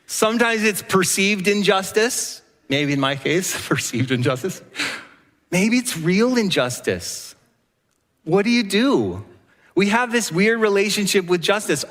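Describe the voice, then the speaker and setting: Man, pastor, sermon, animated storytelling, acts out voices, long church reverb. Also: sits high. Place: church sanctuary.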